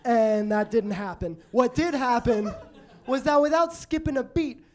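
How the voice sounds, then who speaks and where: A man telling stories in a stand-up set on a comedy club stage, halting and self-deprecating, with many restarts. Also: very high-pitched, darkish tone. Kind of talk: stand-up storytelling.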